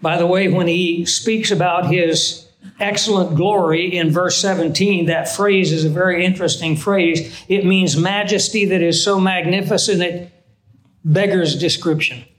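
A man's voice: high voice, steady tone, normal speed, fairly bright tone, roomy sound, low-quality recording. A man teaching a Bible lesson in an earnest, conversational sermon style, often asking his listeners questions.

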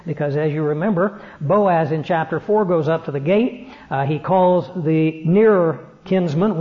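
Earnest preacher man on a dull recording. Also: a little high. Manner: earnest preaching, slows down to stress points, frequent "uh" fillers. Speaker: pastor. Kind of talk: sermon.

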